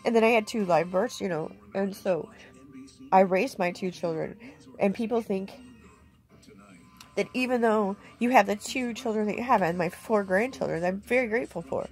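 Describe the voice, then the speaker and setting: A woman's voice: medium pitch, darkish tone. A middle-aged woman vlogger speaking candidly and emotionally in a plainspoken, heartfelt way from inside a camper. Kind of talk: candid personal vlog.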